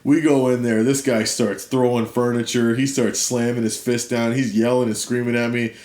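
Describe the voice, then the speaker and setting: A middle-aged man earnestly retelling a personal story as an interview guest, animated one moment and low and quiet the next. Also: normal speed. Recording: roomy echo.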